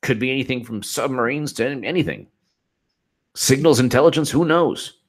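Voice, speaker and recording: A man's voice: mid-range voice, moderate pace. A man hosting his own political commentary channel, talking off the cuff in a sarcastic, incredulous and exasperated way.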